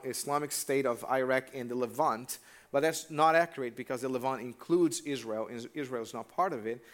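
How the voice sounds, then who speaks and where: A male pastor giving a relaxed, conversational sermon in a church. His voice sits at a medium pitch, and he talks directly to the congregation and throws questions at them.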